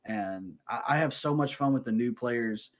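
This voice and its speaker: A man co-hosting a gaming podcast, chatting casually at a home microphone, joking and rambling through quick asides. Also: mid-range voice. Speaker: podcast co-host. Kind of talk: casual chat.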